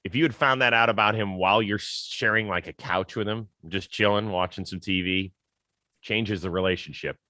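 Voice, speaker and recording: A man's voice: fairly low pitch, moderate pace, bright, forceful tone, dry recording. A man hosting an interview, joking around in easy banter with his guest. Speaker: host. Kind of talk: casual interview.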